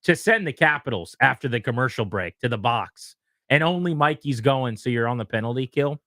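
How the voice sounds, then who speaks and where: A man's voice: medium pitch, lively intonation, brisk, a bit bright, no room sound, studio quality. Exasperated sports radio man. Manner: exasperated, sarcastic. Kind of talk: sports talk.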